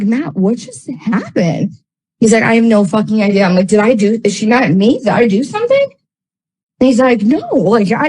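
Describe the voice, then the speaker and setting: A woman's voice: fairly high pitch, a little mellow, low-quality recording. A woman telling a story in casual livestream talk, rambling with many fillers, swearing, and getting heated.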